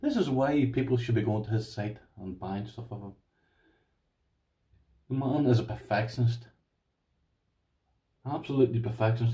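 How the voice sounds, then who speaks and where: An Irish man with a fairly low, dark voice, recorded from a distance, talks to his viewers in a casual, excited unboxing on his lockpicking vlog, gushing and going over the same things repeatedly.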